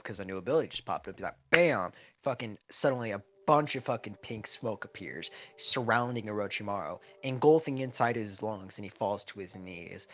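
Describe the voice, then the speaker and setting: A man's voice: medium pitch, lively intonation, fairly quick, few pauses. A man casually narrating a fan what-if story, rambling and swearing freely as he goes. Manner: rambling, profane, offhand. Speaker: YouTube storyteller.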